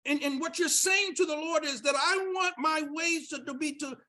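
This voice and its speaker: A woman preaching a sermon and reading scripture aloud, emphatic, repeating key words and rising to near-shouts. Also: high-pitched, normal speed.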